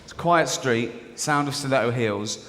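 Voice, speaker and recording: A man's voice: mid-range voice, normal speed, fairly bright tone. A man doing a stand-up comedy routine on stage, sardonic and mock-indignant, slipping into voices for the people in his stories. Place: large performance hall. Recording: live hall reverb with audience noise.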